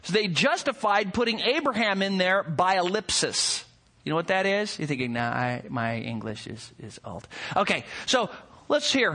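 A man's voice: sits high, sharp tone. A male pastor preaching a sermon that explains a text. He speaks emphatically, stresses key words and puts rhetorical questions to his listeners. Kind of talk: expository sermon.

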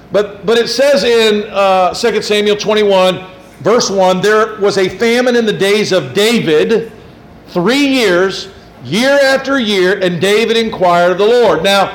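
A man preaching a sermon in an animated way, acting out quotes and tossing in rhetorical asides. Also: high-pitched. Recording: roomy hall, faint room noise.

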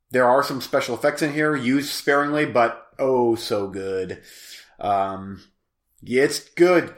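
A man's voice: mid-range voice, fairly bright tone, reverberant. A man co-hosting a podcast, chatting casually and reviewing a movie, rambling and often breaking off mid-sentence. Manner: rambling, self-interrupting, laughs easily. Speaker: podcast co-host.

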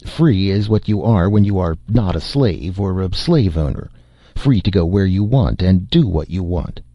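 A man's voice: low voice, lively intonation, normal speed, dark tone, no echo. A man voicing a wry, resourceful male adventurer in an audiobook, with dry humor. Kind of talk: audiobook character voice.

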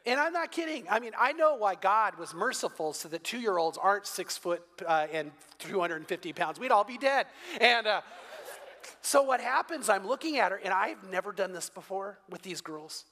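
A man's voice: high voice, animated, moderate pace, sharp tone, slight background noise. An older man preaching a sermon, with a conversational, storytelling manner and touches of humor. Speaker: pastor. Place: church sanctuary. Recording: long hall reverb.

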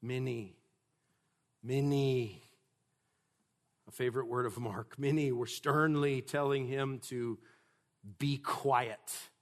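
Slow, emphatic male preacher. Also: mid-range voice, steady tone. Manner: emphatic, builds to loud preaching. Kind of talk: sermon.

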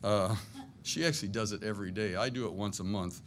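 A man's voice: lowish voice, brisk, slight background noise. A middle-aged man preaching a sermon to a congregation in a church, conversational and self-deprecating, with jokey asides. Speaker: pastor.

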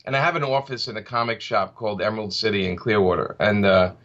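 A man's voice: on the low side, fast talker, fairly bright tone. A man speaking as a comic book creator in a casual interview, rambling with many restarts and fillers. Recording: slightly dull lo-fi audio.

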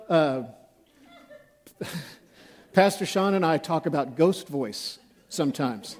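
A male pastor delivers a casual, self-deprecating sermon. His voice sits high for a man. He speaks slowly and unhurriedly, like he is chatting with the congregation. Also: a little mellow. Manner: conversational, self-deprecating, acts out examples.

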